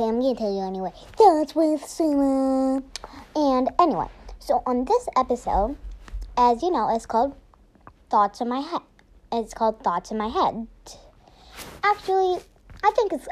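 A woman's voice: high-pitched, darkish tone. A young woman hosting a casual solo podcast, rambling through her thoughts with many fillers and restarts and playful sound effects. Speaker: podcast host.

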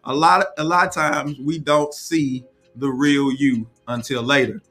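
A man's voice: medium pitch, steady tone, measured pace, a bit bright, faint music behind. A man hosting a casual live chat, reading viewer comments aloud and giving firm opinions.

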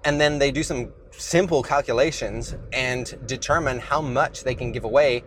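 At normal speed and medium pitch, a man chats through his solo podcast in a loose, conversational style, still a bit breathless from the gym. His voice is a little bright, he often restarts and uses fillers, and there's slight background noise.

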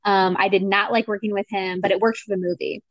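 A woman's voice: medium pitch, little pitch movement, fast, lo-fi sound. A woman casually discussing a film as a podcast co-host, chatty and full of fillers.

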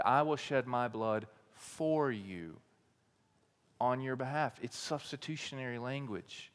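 A man preaching as a teaching pastor. He swings between quiet, low emphasis and loud, raised declarations, and he asks a lot of rhetorical questions. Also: measured pace, in a large hall. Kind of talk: sermon.

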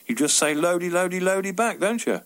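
A man's voice: high voice, expressive, a little fast, a bit bright, voice pushed up. A man voicing a blunt working-class taxi driver, speaking tersely and matter-of-factly.

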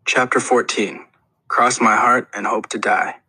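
A man's voice: on the low side, flat delivery, measured pace, bright, forceful tone, breathy edge, dry recording, poor audio. A man reading a first-person audiobook in an earnest, plain storytelling manner. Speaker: audiobook narrator.

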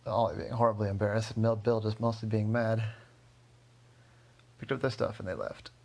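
A man with a gravelly voice telling a story casually, rambling with fillers. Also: fairly low pitch, flat delivery, moderate pace, darkish tone.

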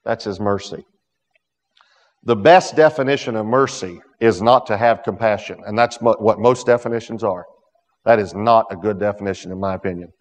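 A man with a low voice delivers a sermon, climbing to loud emphatic peaks and sinking to hushed storytelling. His voice rings with a long reverb, as if in a church sanctuary. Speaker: preacher.

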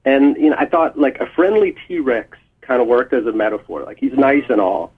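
Man, guest musician, phone interview, easygoing and reflective, raspy voice, phone-line sound. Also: mid-range voice, moderate pace. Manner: relaxed, thoughtful, many fillers.

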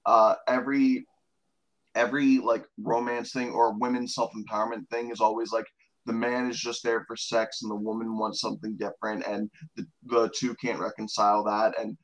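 A man co-hosting a casual podcast, talking in an animated way, swearing freely and laughing often. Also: on the low side, moderate pace, poor audio. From United States. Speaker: podcast co-host.

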